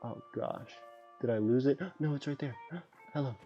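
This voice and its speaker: A man hosting a casual livestream while gaming, rambling excitably and chatting to the creatures on screen. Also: mid-range voice, normal speed, faint music behind. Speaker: livestream host. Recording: dull lo-fi sound with faint background beats.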